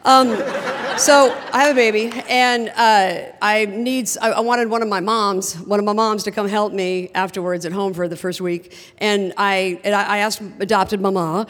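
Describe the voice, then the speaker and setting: A woman telling a personal story on stage in an animated, humorous way, often laughing as she talks. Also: medium pitch. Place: theater stage before a live audience. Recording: long theater reverb.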